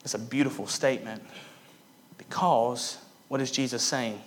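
A man preaching a sermon, swinging between loud emphatic bursts and hushed, quiet passages, repeating key phrases for emphasis. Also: medium pitch, steady tone, normal speed, pauses often, slight background noise. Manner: emphatic repetition. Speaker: pastor.

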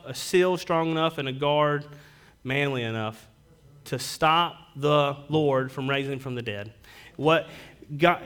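A man preaching a sermon as pastor, earnest, swinging between raised emphasis and hushed, quiet lines. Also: medium pitch, smooth.

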